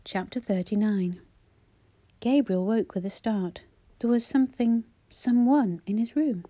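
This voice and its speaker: Audiobook narrator: woman, mellow tone, measured and gentle delivery. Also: a little high. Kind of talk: scripted narration.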